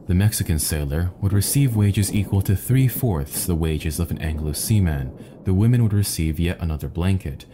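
A man reading a fable aloud in a measured, deliberate way. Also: sits low, lively intonation, background noise. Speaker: narrator. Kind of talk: scripted narration of a fable.

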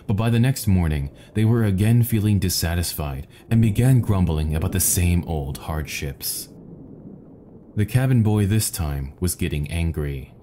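A man narrates a satirical fable in a measured, deliberate reading. His voice is deep and dark-toned, mellow rather than bright. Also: slight background noise.

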